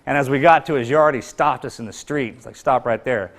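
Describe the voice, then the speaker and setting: Fast, intense male motivational speaker. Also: medium pitch. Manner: intense, emphatic, street-casual phrasing. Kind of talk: storytelling speech.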